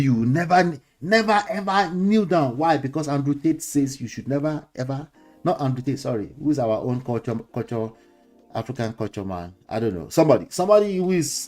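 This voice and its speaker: A Nigerian-accented man hosts a casual talk show and holds forth like a preacher. He hammers home each point by repeating it, now and then chuckling or slipping into pidgin. His voice sits at an ordinary middle pitch, with faint music playing low behind him. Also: mellow. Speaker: host.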